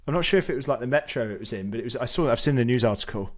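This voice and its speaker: A young man, casually telling a story on a podcast, animated and swearing freely as he acts out what people said. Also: mid-range voice, very fast. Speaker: podcast co-host.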